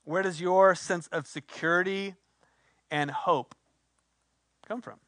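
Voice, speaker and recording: A man preaching a sermon in a conversational, animated way with playful asides. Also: sits high, slow pace, no echo, studio quality. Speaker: pastor.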